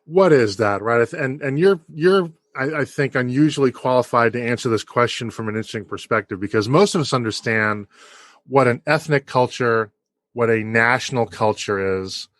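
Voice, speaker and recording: A man's voice: mid-range voice, normal speed, a bit bright, dry recording, clean studio sound. Enthusiastic male podcast host. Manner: enthusiastic, stumbling restarts. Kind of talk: podcast interview.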